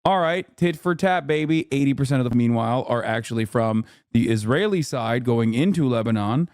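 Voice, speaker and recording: A man's voice: mid-range voice, expressive, a little fast, a little mellow, no room sound, clean studio sound. Sarcastic man riffing on a stream. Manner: sarcastic, rambling, riffing on chat. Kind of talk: casual reaction commentary.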